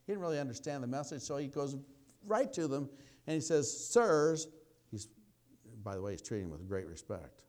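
A man's voice: expressive, quick pace. Folksy male preacher with rising exclamations. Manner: folksy storytelling, swings from low asides to loud raised exclamations. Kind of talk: sermon.

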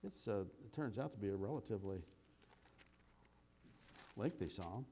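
Mellow-voiced man teaching scripture. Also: fairly low pitch, lively intonation, breathy edge. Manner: conversational, rambling with restarts, slows to read scripture aloud. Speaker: Bible teacher. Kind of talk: sermon.

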